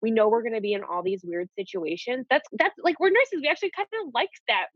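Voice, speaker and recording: A young woman and nurse, telling her story in a casual, animated way and saying "like" often. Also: fairly high pitch, fast, no room sound. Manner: animated, peppers speech with "like". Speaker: nurse guest. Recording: dull lo-fi audio.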